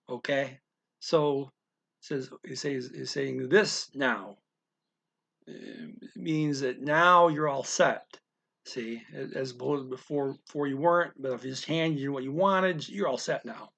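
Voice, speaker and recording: A man's voice: mid-range voice, a bit bright. A man teaching a language lesson in an informal, explanatory way, with frequent fillers and restarts.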